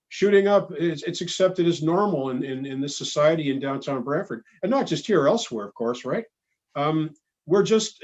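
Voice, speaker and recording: A Canadian man speaking as a city councillor at a council meeting, halting and blunt, with many fillers and restarts. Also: a little high, a little mellow. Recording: dull lo-fi meeting audio.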